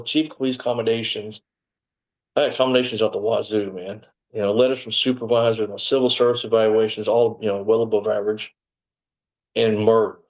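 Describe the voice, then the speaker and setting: Fast-talking man telling his story. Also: fairly low pitch, low-quality recording. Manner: rambling, animated retelling with quoted dialogue. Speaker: interview guest, former sheriff's deputy. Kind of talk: casual storytelling interview.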